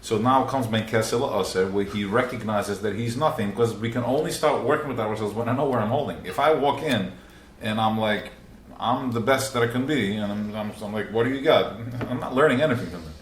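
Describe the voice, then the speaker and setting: A man's voice: on the low side, a little fast, slight background noise. A man leading a live religious class, earnest and repetitive, often acting out inner voices. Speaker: teacher. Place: room with a small group. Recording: roomy live recording.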